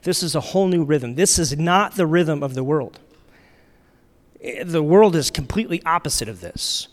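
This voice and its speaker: A slightly high, expressive voice at a moderate pace belongs to a pastor preaching in a church sanctuary. He talks casually, often using fillers and restarting sentences, and the recording has the long reverb of a large hall.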